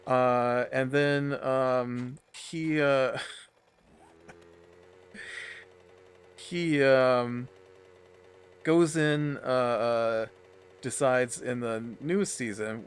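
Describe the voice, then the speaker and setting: A man's voice: mid-range voice, slight background noise. Rambling man chatting over gameplay. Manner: rambling, filler-heavy, chatty. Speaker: let's play host. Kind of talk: casual gameplay commentary.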